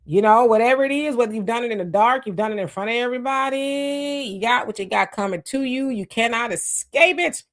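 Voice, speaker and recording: Talking a little fast with few pauses, this woman's voice sits on the high side as she runs a live stream. She greets commenters by name, reacts to the chat, and chats casually, restarting and laughing often.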